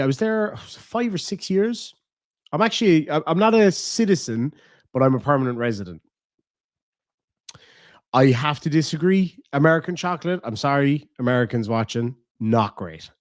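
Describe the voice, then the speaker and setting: A man's voice: mid-range voice, no echo. An Irish man chatting casually to his viewers in a rambling, laid-back way, swearing freely. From Ireland. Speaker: reaction streamer.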